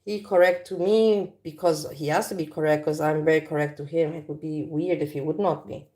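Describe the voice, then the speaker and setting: A woman hosts a casual livestream from her kitchen, talking to viewers in a frank, rambling way. Her voice sits a little low, and the sound is picked up by a phone. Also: fairly even intonation, brisk, a little mellow. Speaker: livestream host. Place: home kitchen.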